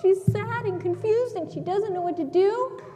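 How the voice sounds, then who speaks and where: A woman's voice: very high-pitched, normal speed, dark tone, big-room sound, a little hiss or hum. A woman giving a children's sermon in a church, animatedly asking the kids questions as she tells the story. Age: adult. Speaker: children's minister. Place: church sanctuary.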